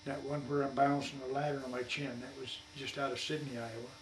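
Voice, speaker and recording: A man's voice: medium pitch, flat delivery, brisk. Brief: veteran man, 80s, colloquial oral-history storyteller, roomy far-off mic, slight hum. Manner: rambling folksy colloquial storyteller. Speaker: war veteran interviewee. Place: at his home. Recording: echoey room, distant mic, faint hum.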